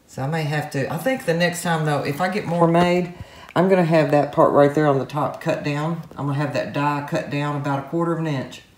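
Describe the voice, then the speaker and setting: Her voice rumbles low with a darkish tone. While working on a paint pour, this craft artist talks casually to the camera, full of delighted gushing and exclamations, recorded on the camera's mic as it's occasionally shifted by hand.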